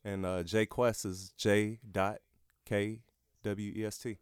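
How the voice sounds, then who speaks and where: A man's voice: lowish voice, little pitch movement, slow pace, clean tone, no room sound, clean studio sound. A man who is a father and rapper, speaking as a podcast guest in an earnest, heartfelt way and laughing easily. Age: adult, a father. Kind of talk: casual conversation.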